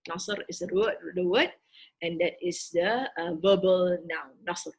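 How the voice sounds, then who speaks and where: A woman teaching a recorded grammar lesson, explaining terms word by word in a halting way with frequent fillers. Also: lowish voice, darkish tone, slightly rough, rough recording. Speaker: Quranic Arabic teacher.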